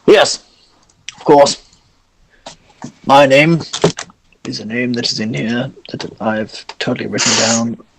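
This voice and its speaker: A man's voice: mid-range voice, slow pace, pauses often, background noise. A man voicing an irritable, haughty old man who speaks through a magical projection. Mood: pompous. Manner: haughty and exasperated.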